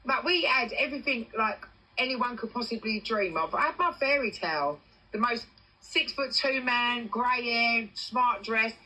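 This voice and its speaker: An English woman on a casual livestream, telling a personal story in animated bursts and swearing freely. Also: fairly high pitch, a little slow, poor audio. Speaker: TikTok livestreamer.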